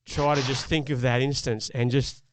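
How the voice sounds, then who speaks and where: A man's voice: mid-range voice, level tone, normal speed, no room sound. A middle-aged man, a podcast co-host, telling a personal parenting story in an earnest, reflective way. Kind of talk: casual chat.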